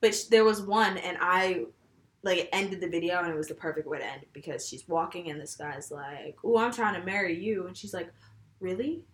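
Animated young woman in an echoey room. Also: fairly low pitch, brisk. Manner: animated storyteller, laughs often, acts out quotes. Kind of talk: casual chat.

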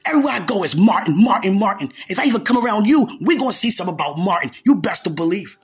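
A woman preaching a fervent sermon, repeating phrases and bursting into shouts. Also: medium pitch, sing-song, rapid-fire, slightly rough, faint music behind. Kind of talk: impassioned sermon.

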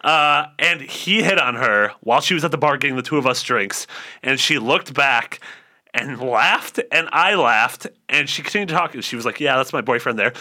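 A man's voice: mid-range voice, lively intonation, moderate pace, pushed and bright. A man telling an anecdote in a casual podcast chat, rambling with lots of fillers. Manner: rambling storyteller, full of fillers.

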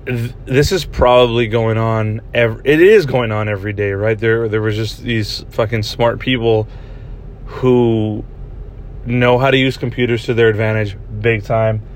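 A man's voice: lowish voice, fairly even intonation, a little slow, slight background noise. Rambling, profane young man. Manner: rambling and profane, many restarts. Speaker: podcast host. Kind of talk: casual storytelling. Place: parked vehicle.

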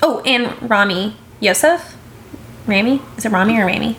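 A young woman co-hosting a casual podcast, breezy, reading a list of names with quick asides. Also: mid-range voice, animated, vocal fry, a bit bright, slight background noise. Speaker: podcast co-host.

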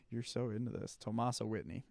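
A relaxed man talking casually, laughing often as he lists his picks. His voice sits at an ordinary middle pitch. The sound is close-miked and dry, with no room around it. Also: creaky, dry recording. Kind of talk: casual chat.

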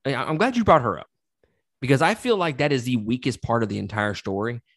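A man chatting casually about a film he has just seen, swearing and laughing as he goes. His voice swings widely in pitch and sounds close to the mic in a dry, dead room. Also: fairly quick, no room sound. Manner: profane, animated, laughs often. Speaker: podcast co-host. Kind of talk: casual movie review chat.

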